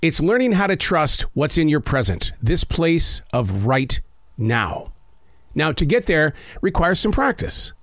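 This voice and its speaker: A man with a slightly high, very animated voice talks through a reflective essay in a slow, emphatic way, leaning on dramatic pauses. He is recorded close on a studio mic in a dry home studio with no room echo. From North Carolina. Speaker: podcast host.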